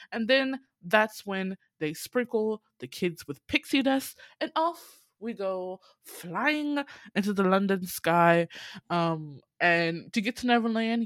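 A woman's voice: medium pitch, fairly bright tone, dry recording, studio quality. A young adult woman hosting a podcast, retelling a film in casual chat, sarcastic and laughing, jumping up into voices for quotes. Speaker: podcast host reviewing a film.

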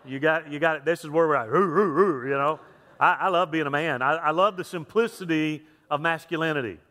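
A man's voice: fairly high pitch, pushed and bright. A male pastor giving a chatty sermon, repeating words and putting questions to the congregation. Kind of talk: sermon with jokes and a story. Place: church sanctuary. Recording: long reverb of a large hall.

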